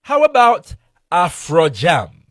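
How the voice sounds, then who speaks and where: A man's voice: high-pitched, huge pitch swings, slow pace, no echo. A man reading a formal scholarly essay aloud with emphatic delivery. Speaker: reader.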